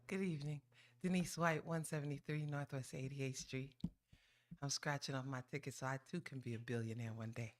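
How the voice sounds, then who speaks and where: A woman's voice: a bass voice, fairly even intonation, fairly quick. A woman giving an informal public comment at a council meeting, talking in a playful, folksy, teasing way and often drawing out "ooh".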